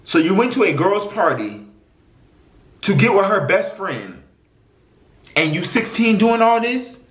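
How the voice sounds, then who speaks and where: A man reading out viewer confessions in a casual reaction vlog, blunt and profane, jumping between squealed outbursts and low mutters. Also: very animated, measured pace, fairly bright tone, echoey room.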